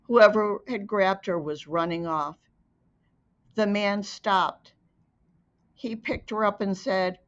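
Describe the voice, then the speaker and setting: Slow, deliberate woman storyteller. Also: mid-range voice. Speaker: advocate narrator. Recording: dull lo-fi recording.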